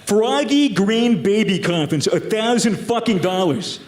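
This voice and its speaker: Give me a young man doing dark, deadpan stand-up comedy with a high, lively voice, in an echoey room with a loud crowd. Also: a little slow. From United States. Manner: dark, deadpan joke delivery.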